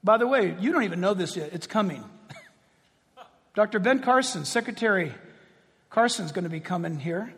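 A man preaching a sermon in an animated way, firing rhetorical questions at the congregation in a church. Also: high-pitched, moderate pace, long pauses, slightly rough. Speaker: pastor. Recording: long reverb of a large hall.

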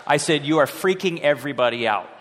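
A man, a high school pastor, preaching a sermon as an animated story, acting out the voices of the people he quotes. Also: quick pace. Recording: long hall reverb.

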